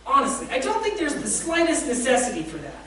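A woman's voice: sits high, wildly swooping pitch, a little fast, a bit bright, slight background noise, pitched above the performer's own voice, exaggerated voice. A woman voicing a fussy, cowardly male ghost who pleads and makes excuses, read aloud in a sermon. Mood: fretful. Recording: echoey room, distant mic.

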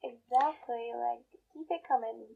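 A woman's voice: fairly high pitch, unhurried, gravelly, phone-quality sound, crowd noise. A woman co-hosting a podcast, reacting with short wry asides and sympathetic interjections. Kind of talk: casual reactive chat.

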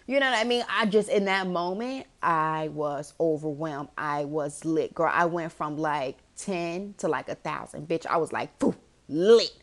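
A woman with a slightly low voice hosts a podcast, telling a personal story in a loose casual monologue. She talks with animated emphasis, swears freely and keeps calling the listener "girl". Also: normal speed, hardly any pauses. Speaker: podcast host.

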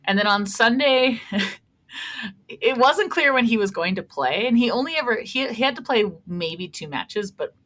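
Brief: bright, chatty woman co-host telling a story. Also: on the high side, expressive, normal speed. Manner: chatty storyteller, laughs often. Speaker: podcast co-host. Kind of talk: casual chat.

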